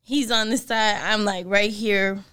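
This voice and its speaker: A woman's voice: medium pitch, steady tone, a little slow, fairly bright tone, clean tone. Chatty woman with a mid-range voice. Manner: chatty, laughs often, loose slang. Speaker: podcast co-host. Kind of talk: casual chat.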